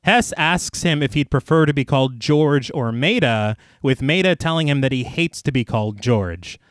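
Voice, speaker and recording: A man hosting a horror podcast who reads plot recaps evenly and breaks off for joking, animated asides. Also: mid-range voice, moderate pace, no echo, studio quality. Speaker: podcast host recapping a film. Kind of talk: casual chat, reading a plot recap.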